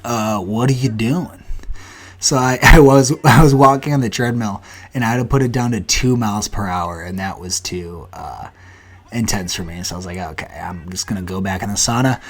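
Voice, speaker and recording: A man in his twenties hosting a solo podcast, talking bluntly and profanely with animated asides. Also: lowish voice. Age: 20s. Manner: blunt, profane and animated, breaks into mock voices. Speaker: podcast host. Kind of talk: casual solo podcast rant.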